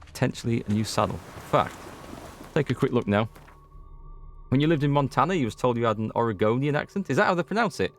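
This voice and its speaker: A man's voice: medium pitch, lively intonation, fast talker, soft background music. A man with a North Yorkshire accent, chatting casually and rambling while he plays a game and talks to his viewers. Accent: North Yorkshire English. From North Yorkshire, England. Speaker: let's play gamer. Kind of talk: casual gameplay commentary.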